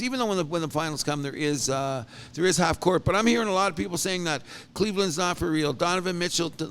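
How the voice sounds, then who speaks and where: Animated man talking sports. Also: a little high, smooth. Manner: animated, rambling, restarts often. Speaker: podcast co-host. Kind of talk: casual sports chat.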